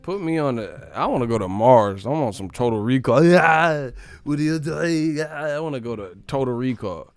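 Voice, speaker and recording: A man's voice: mid-range voice, lively intonation, moderate pace, no echo, studio quality, faint music behind. A man hosting a live stream, giving crude, mocking commentary as he reacts to chat and often breaks into laughter.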